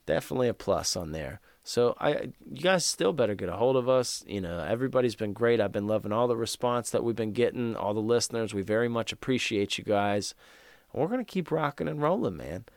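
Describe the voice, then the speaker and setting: A man's voice: mid-range voice, expressive, brisk, no room sound. A middle-aged man co-hosting a horror movie podcast, joking and rambling with crude, profane humor. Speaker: podcast co-host. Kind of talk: casual crude chat.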